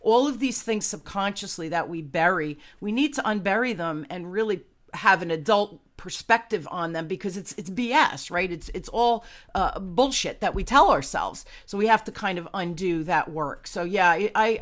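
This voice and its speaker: A woman in her fifties telling a candid personal story as a guest, chatty and animated, often tagging "right?". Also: mid-range voice, moderate pace.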